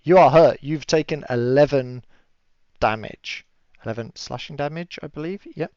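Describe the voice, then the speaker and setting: Man, game master, chatty, laughs a lot, smooth voice, muffled low-fi recording. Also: moderate pace, a little mellow, no room sound. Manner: chatty, laughs often, many fillers. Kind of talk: narrating a tabletop game. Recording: dull lo-fi audio.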